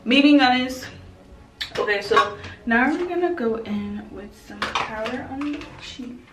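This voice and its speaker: This beauty vlogger, a young woman, speaks slightly high and slightly slow, far from the microphone. Her makeup tutorial chat is relaxed and slangy as she talks her viewers through the routine. The audio is roomy and off-mic, with music underneath.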